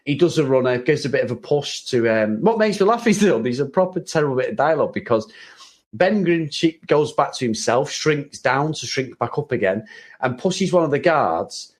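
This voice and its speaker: A male podcast co-host talks about an old film in a casual chat, his mid-range voice animated and moderately paced. He speaks freely, restarting often and laughing frequently.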